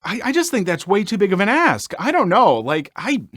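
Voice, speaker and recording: A man hosting a story channel, reading online stories aloud and commenting on them in an animated, exclaiming way with frequent filler words. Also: high voice, fairly quick, no room sound, studio quality.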